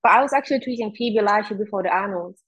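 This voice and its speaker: Czech-accented woman chatting fast on a podcast, lots of likes, kinda dull lo-fi sound. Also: mid-range voice, breathy edge. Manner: candid, fast, heavy use of "like". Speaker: guest. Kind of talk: casual interview chat.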